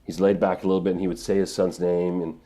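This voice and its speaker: A middle-aged man, a voice actor, answering interview questions in an earnest, emotional way, often pausing and restarting. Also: low-pitched, little pitch movement, dark tone. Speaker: voice actor guest.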